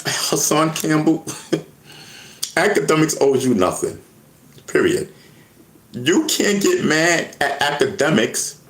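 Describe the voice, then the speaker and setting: Animated New man ranting on a stream. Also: fairly high pitch, poor audio. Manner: rambling, repeats words, talks straight to chat. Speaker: hip hop news host. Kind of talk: casual live-stream commentary.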